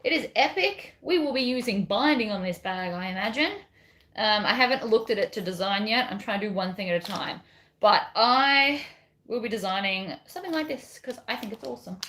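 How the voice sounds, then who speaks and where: A woman's voice: mid-range voice, lively intonation, fairly quick, pushed and bright. A woman chatting casually while she sews a bag on a livestream, reading viewer comments and rambling between steps. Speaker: bag pattern designer. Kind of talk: casual livestream crafting chat.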